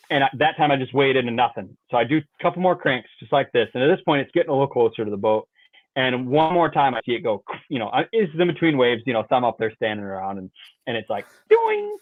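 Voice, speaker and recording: A man's voice: mid-range voice, dry recording. A man in a medium voice tells a long story as a podcast guest, rambling with "like" and "you know" and making little sound effects. He comes through a thin, phone-like call line. The sound is dry, with no room around it. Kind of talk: animated storytelling.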